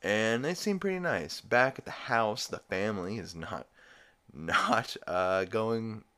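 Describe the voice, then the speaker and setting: A man's voice: on the low side, expressive, slow, sharp tone. A man hosting a podcast, giving a rambling, profane, amused recap of a cartoon episode. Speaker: podcast host.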